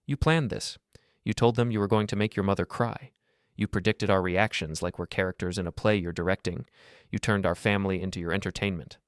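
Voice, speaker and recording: A man's voice: low-pitched, fairly even intonation, fairly quick, few pauses, smooth, no echo, clean studio sound, natural voice. A man voicing a furious betrayed father. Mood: accusing. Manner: cold, cutting accusations.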